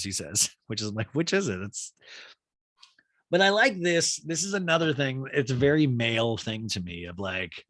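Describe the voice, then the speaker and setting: A man riffs through a comedic recap in a casual, mocking tone. His pitch swings widely as he talks. The sound is dry and close, with no room around it. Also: moderate pace, dry recording. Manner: animated, mocking, slips into exaggerated voices for quotes. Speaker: podcast host recapping a reality show.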